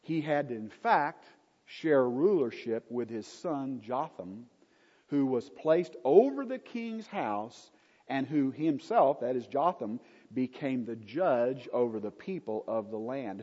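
Guy teaching a bible class, husky mellow voice, swoops up and down a lot, asks the room questions, dull lo-fi sound with long hall echo. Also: mid-range voice, big pitch swings, a little slow. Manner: emphatic, asks the listeners rhetorical questions. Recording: dull, lo-fi recording in an echoey hall.

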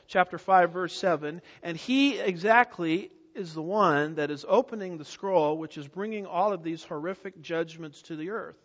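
High-pitched guy preaching a sermon, muffled sound, long echo like a big church. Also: fairly bright tone. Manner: emphatic, repeats key words, rhetorical questions. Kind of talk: expository sermon. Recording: dull audio with long hall reverb.

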